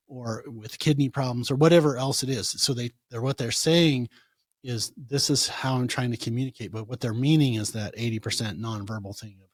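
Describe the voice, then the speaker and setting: A man, a chiropractor, answering interview questions in a conversational way, telling animated stories and acting out what his patients said. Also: medium pitch, normal speed, dry recording, studio quality. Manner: animated storytelling, acts out quoted patients. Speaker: chiropractor guest.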